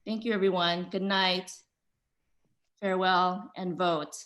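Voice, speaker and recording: A woman, the organizer, giving closing remarks in a halting way, full of ums and uhs. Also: lowish voice, little pitch movement, a bit bright. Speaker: event organizer.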